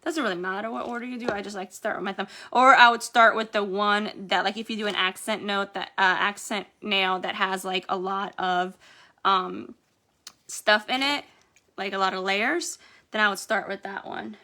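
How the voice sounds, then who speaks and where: A woman with a bright, crisp voice talks through a nail-care routine in a relaxed, chatty way. She rambles and fills her pauses with small hesitations as she demonstrates at home. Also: mid-range voice. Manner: chatty, rambling with many fillers. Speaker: nail care tutorial vlogger. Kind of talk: casual how-to demonstration.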